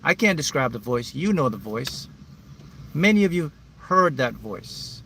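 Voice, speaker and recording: A man's voice: mid-range voice, sing-song, unhurried, pushed and bright, slight background noise. A man as a manifesting mentor, speaking emphatically and repetitively to his viewers in a live motivational talk. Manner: reads out viewers' names.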